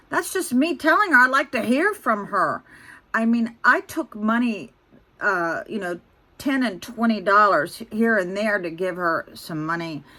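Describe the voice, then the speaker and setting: A woman's voice: medium pitch, sharp tone. A woman in her sixties, venting bluntly and ramblingly to her phone camera. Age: 60s. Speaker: vlogger.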